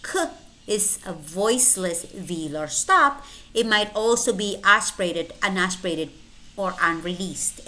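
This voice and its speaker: A woman's voice: medium pitch, pushed and bright. A woman teaching English pronunciation, saying each example word twice with careful enunciation. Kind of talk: slow, deliberate pronunciation lesson.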